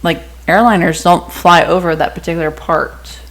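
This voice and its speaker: A woman co-hosting a casual podcast with a somewhat low voice. She is blunt and teasing and drops a swear word here and there. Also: steady tone, moderate pace. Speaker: podcast co-host. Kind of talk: casual chat.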